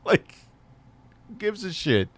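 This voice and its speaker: A middle-aged man hosting a livestream in casual chat, loose and profane, laughing often and jumping into excited bursts. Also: sits high, slow, noisy background. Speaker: livestream host.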